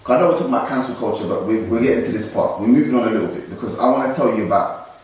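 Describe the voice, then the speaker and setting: A young man, co-hosting a casual discussion podcast in an animated, ranting way with frequent laughs. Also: mid-range voice, racing, distant mic. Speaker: co-host. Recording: echoey room, voice away from mic.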